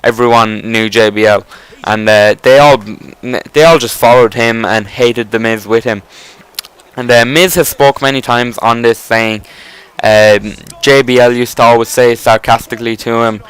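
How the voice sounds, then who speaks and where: A man's voice: medium pitch, fairly even intonation, normal speed, a bit bright, clean tone, no echo, poor audio. A man giving casual gameplay commentary, rambling enthusiastically with frequent restarts and casual swearing.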